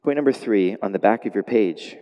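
A man preaching a sermon as a pastor, animated, moving between quiet lines and loud exclamations. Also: on the low side, brisk. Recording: long hall reverb.

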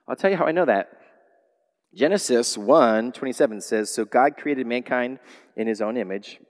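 Animated preacher man in a big echoing hall. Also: medium pitch, moderate pace. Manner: animated preaching, acting out quoted voices. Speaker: pastor. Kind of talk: sermon. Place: church sanctuary. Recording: long reverb of a large hall.

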